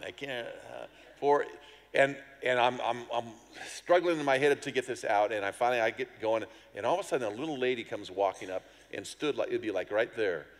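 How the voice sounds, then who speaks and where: A man's voice: mid-range voice, long reverb tail. A middle-aged man, a pastor, telling a personal story in a sermon, acting out voices and sounds with self-deprecating humor.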